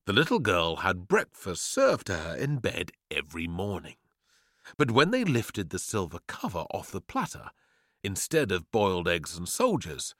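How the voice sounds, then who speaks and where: A man's voice: low voice, fairly bright tone, no echo, studio quality. Theatrical male storybook narrator. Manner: playful, theatrical delivery. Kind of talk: expressive storybook reading.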